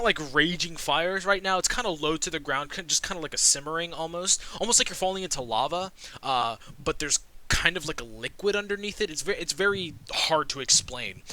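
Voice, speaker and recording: A young man narrates a tabletop game as game master. His voice is very bright and cutting, with a fairly high pitch that swings widely. He halts often and searches for his words. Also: rough recording. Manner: halting, searching for words with many fillers.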